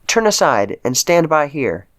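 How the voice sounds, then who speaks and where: An aged king mourning his son, crying out in high, wailing tones that stretch every word, as a man reading aloud puts him on. The cries rise and fall widely and come slowly, each one drawn out in grief. It sounds like a dramatic scripture reading. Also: sing-song, fairly bright tone. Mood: measured. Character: grieving old king, father lamenting his son.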